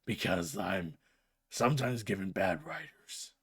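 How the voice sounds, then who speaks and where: A man voicing a gruff, brooding male vigilante in a low gravelly deadpan. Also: unhurried, heavily acted. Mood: grim.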